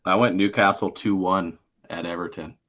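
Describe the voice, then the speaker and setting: A man's voice: low-pitched, steady tone, moderate pace, fairly bright tone. A man co-hosting a podcast, laid-back and agreeable, chatting casually about soccer with slangy words. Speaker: podcast co-host. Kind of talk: casual sports chat. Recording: dull lo-fi sound.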